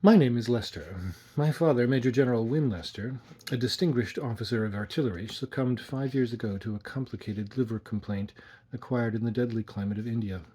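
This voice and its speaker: A man with a husky, slightly breathy voice reads a horror story aloud. His pitch sits in an ordinary middle range. His delivery stays friendly and informal. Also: brisk, mellow. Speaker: storyteller, host of a reading channel.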